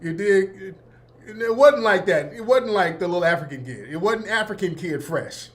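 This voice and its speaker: Male host in his fifties, high voice, laid-back slangy storyteller who laughs a lot. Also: lively intonation, normal speed. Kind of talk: casual storytelling.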